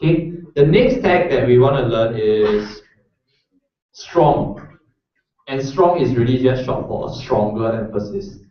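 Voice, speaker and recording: A man's voice: mid-range voice, lively intonation, measured pace, pauses often. A man teaching a coding workshop in a lecture room, with a casual, chatty manner that keeps checking in with the audience. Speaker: workshop instructor. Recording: roomy echo, distant mic, dull lo-fi sound.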